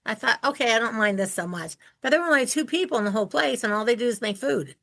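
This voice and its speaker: Lively 60s woman host from Ohio. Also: fairly high pitch, fast, vocal fry. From Ohio, United States. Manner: animated storyteller, acts out quoted voices. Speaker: podcast host. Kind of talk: casual interview chat.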